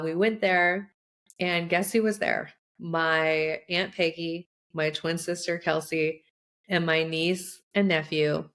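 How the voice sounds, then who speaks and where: A young woman hosts a podcast and tells a personal story in a chatty, animated way. Her voice sits on the lower side, and she speaks at a slow, unhurried pace. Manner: chatty, animated retelling with many "like" fillers. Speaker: podcast host and coach.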